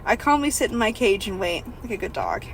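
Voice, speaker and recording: A woman's voice: medium pitch, very animated, fairly quick, a little hiss or hum, low-quality recording. A woman hosting a comedy podcast, reading a novel aloud in first person and breaking off with jokes. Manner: reads in first person, breaks into laughter and asides.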